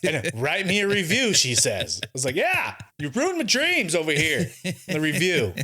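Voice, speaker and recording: A man in his forties co-hosting a podcast, telling stories in a profane, animated way that swings from mumbles to loud bursts. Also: on the high side, moderate pace. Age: 40s. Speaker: podcast co-host, jiu-jitsu black belt. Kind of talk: casual podcast banter.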